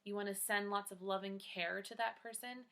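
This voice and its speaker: Her voice sits in the mid-range, bright and pushed, with fairly even intonation at a normal speed. This woman teacher runs a daily check-in for children over a home video lesson, chatting with them in an upbeat, encouraging way.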